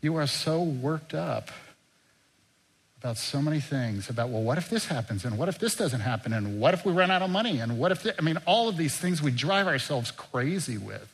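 A man voicing a gentle, reassuring figure who soothes a worried woman in a soft, calm way. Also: on the high side, normal speed, gravelly, slightly rough, pitched above the performer's own voice, exaggerated voice. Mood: soothing.

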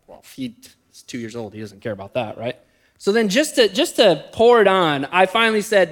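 A middle-aged man, a pastor, preaching a sermon and telling a personal story, speeding up in bursts and slowing down for emphasis. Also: high voice, very animated, fairly bright tone. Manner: storytelling, shifting between quick bursts and slow emphatic phrases.

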